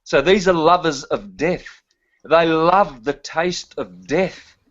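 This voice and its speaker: A man's voice: on the high side, slow pace, a bit bright. A man talking in a casual chat, emphatic and preachy in manner. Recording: dull lo-fi sound.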